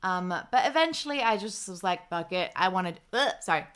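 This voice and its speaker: A woman's voice: medium pitch, lively intonation, moderate pace, a bit bright, clear, resonant tone. A young Australian woman with an Australian accent, hosting a livestream in casual chat and reading viewer comments aloud. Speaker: livestream host.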